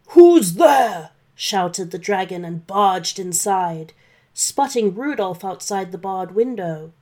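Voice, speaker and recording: Slow, gentle woman reading a bedtime story. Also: medium pitch. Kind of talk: scripted children's story narration.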